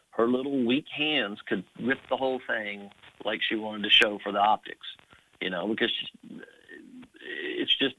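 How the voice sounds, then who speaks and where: A man calling into a radio show, talking in halting phrases that he often restarts, over a phone line. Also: mid-range voice, creaky. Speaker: caller. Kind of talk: call-in radio talk.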